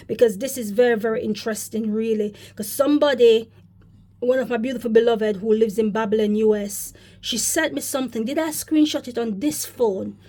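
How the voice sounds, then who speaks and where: Her voice sits on the high side and sounds a little mellow as this religious vlogger rambles through spoken commentary on faith. She frequently calls her viewers brothers and sisters.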